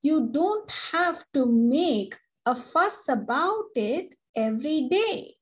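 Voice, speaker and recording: Lady doing a cranky sleepy millipede, high squeaky and slow, storybook style. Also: animated. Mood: grumpy. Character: grumpy sleepy female millipede.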